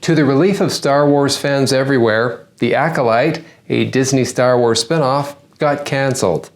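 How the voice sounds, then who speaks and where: A man delivers a satirical news monologue in a middle-pitched voice. He lands sarcastic punchlines one after another, like a stand-up comic running through the day's headlines. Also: moderate pace. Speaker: comedian hosting a news-parody segment.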